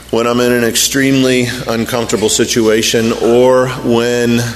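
Pastor, male, mid-pitched voice, lively sermon delivery with acted-out voices, recorded in a reverberant hall. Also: slight background noise. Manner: animated preaching, acting out complaining voices.

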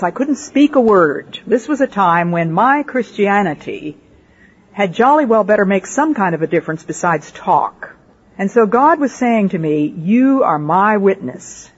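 An older woman preaches a personal testimony and tells stories from her missionary life, putting rhetorical questions to her listeners. Her voice is husky and sits at a middle pitch. The recording is dull and lo-fi. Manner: storytelling with rhetorical questions to the audience. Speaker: missionary speaker.

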